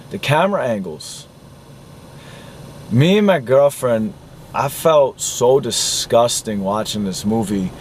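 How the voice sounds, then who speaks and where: An indignant man delivers an angry film rant, full of swearing and repeated words, in a voice of ordinary male pitch. Faint noise hums behind him. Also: darkish tone. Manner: profane, indignant, repeats himself. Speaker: vlogger reviewing a film.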